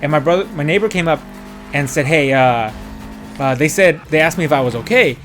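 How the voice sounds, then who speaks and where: A man's voice: on the high side, fairly quick, fairly bright tone, soft background music. A young man telling a story in a casual, rambling way while he streams a driving game, full of fillers and quoted dialogue. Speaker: gaming streamer.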